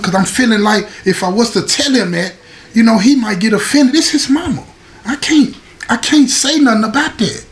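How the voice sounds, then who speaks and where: A man telling a story about his prison days to his viewers in a casual, animated way, often turning to them with "y'all" and "you feel me". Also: high voice, normal speed, long pauses, slight background noise. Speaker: storyteller recounting prison life.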